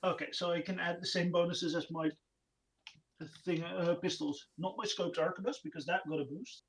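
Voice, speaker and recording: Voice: medium pitch, steady tone, normal speed. A tabletop player chatting casually about rolls and bonuses, with a wry tone. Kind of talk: casual tabletop game chat.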